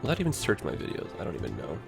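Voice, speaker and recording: Guy streaming a game, rambling casual chat, animated pitch, faint music underneath. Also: rapid-fire, gravelly. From Ontario, Canada. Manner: rambling, chatty, heavy use of "like". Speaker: livestream host. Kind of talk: casual game livestream commentary.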